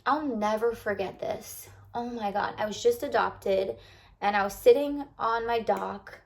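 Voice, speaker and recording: A woman's voice: on the high side, measured pace, vocal fry. A young woman from the United States talking to camera in a rambling, confiding way, full of likes and restarts. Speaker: lifestyle vlogger. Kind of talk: casual heartfelt talk to camera.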